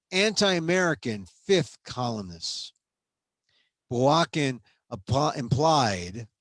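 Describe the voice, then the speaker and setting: Male guest reader with a middle pitch, a measured book reading mixed with offhand comments, dry close recording. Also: no room sound. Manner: measured reading broken by casual comments and small restarts. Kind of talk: reading aloud with spoken asides.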